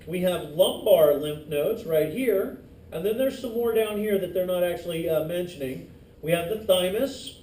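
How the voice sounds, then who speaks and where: A man teaching an anatomy class in a lively, joking way, teasing his students as he goes. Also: sits high. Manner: lively, jokey, teases students. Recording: echoey classroom, distant mic, faint hiss.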